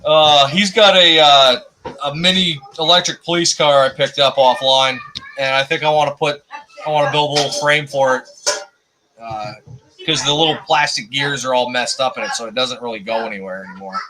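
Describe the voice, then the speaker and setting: A man's voice: medium pitch, fairly even intonation, moderate pace, noisy background. A man hosting a casual live stream chat, rambling and repeating words as he thinks.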